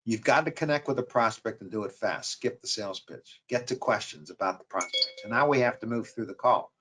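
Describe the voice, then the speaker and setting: A man's voice: fairly low pitch, a little fast, a bit bright, a little hiss or hum. A man with a New York accent giving a webinar lecture on sales calls, repeating key points with emphasis. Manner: repetitive, emphatic coaching delivery. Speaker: marketing professor.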